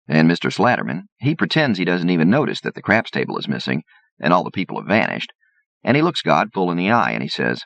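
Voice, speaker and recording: A man's voice: rumbling low, sing-song, brisk, creaky, fairly bright tone, dry recording. A man reading an audiobook aloud in a folksy, wry storytelling manner, on a dull, lo-fi recording. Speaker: audiobook reader. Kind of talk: scripted narration.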